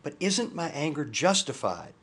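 A man's voice: fairly high pitch, sing-song, normal speed, fairly bright tone, slightly rough, exaggerated voice. A man reading the lines of an angry, hurt husband in marriage counseling, in a bitter tone. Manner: bitter, read aloud.

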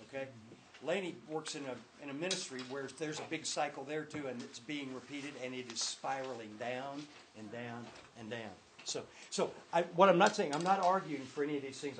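A man's voice: fairly high pitch, slight background noise, poor audio. Enthusiastic older man teaching a Bible class. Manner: enthusiastic, emphatic, talks with restarts. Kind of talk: church class lesson with slides.

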